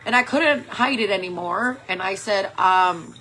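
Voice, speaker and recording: A woman's voice: medium pitch, a little slow, pushed and bright, a little hiss or hum. A woman in her forties telling a personal story in a candid, rambling way, full of "like" and "um". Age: 40s. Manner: rambling, candid, heavy use of "like" and "um". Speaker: makeup vlogger.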